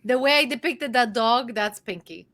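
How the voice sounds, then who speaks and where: A woman's voice: fairly high pitch, normal speed, a bit bright. Giggly woman podcast co-host. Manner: rambling, giggly, self-deprecating. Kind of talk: casual chat.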